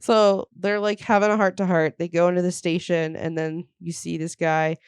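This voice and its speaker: Podcast host, young woman, lively swearing storyteller, smooth low voice, dry close sound. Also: moderate pace, dry recording. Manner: animated storyteller, swears freely, laughs often. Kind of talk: casual movie recap chat.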